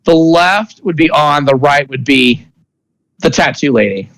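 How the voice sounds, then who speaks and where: A man narrating as game master of a tabletop game, talking in a rambling, halting way with many restarts and fillers. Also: on the high side, fairly bright tone, no room sound, rough recording.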